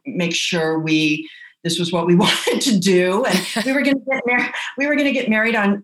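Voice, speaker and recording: A woman telling personal stories in a lively, casual way, acting out the voices of the people she quotes. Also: fairly low pitch. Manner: animated, acts out quoted voices. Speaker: guest. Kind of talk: casual anecdotal storytelling. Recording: roomy echo.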